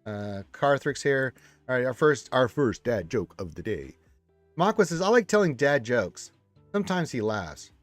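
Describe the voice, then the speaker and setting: A man's voice: medium pitch, big pitch swings, moderate pace, dry recording, faint music behind. A man hosting a casual live stream, reading viewer comments aloud and chatting back from a room full of action figures.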